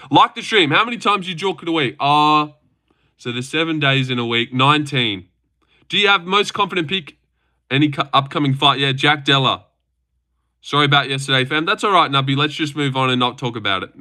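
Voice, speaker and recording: A young man hosting a casual livestream from a home setup, talking at a desk mic. His voice is bright and forceful at a middling pitch. He rambles loosely, swears, and trips over his words as he answers chat. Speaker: livestream host reacting to fights.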